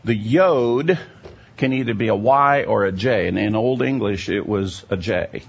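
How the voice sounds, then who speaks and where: A man's voice: lowish voice, measured pace, gravelly, slightly rough. A man giving a teaching sermon, explaining at length and often checking in with his listeners. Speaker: Bible teacher. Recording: dull lo-fi recording.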